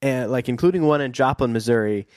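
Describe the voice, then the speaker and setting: A man's voice: mid-range voice, quick pace, darkish tone, dry recording. Wry man co-hosting a podcast, dry sound. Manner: rambling, wry, self-correcting. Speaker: podcast co-host. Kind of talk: casual chat.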